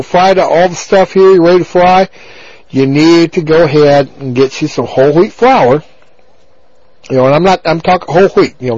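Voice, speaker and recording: A man's voice: on the high side, darkish tone, no room sound. A man hosting a talk radio show, rambling on in a crude, abrasive monologue full of repeated filler phrases. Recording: dull lo-fi radio broadcast.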